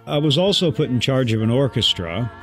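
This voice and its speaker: A man guest telling an animated story in an interview, acting out the voices of people he quotes. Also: mid-range voice, a little fast, soft background music.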